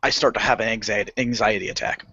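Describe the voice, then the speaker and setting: A man with a lowish voice talks quickly, telling a story on a casual podcast. He's animated, swears, laughs often and acts out the voices of the people involved, all over lo-fi, dull podcast audio.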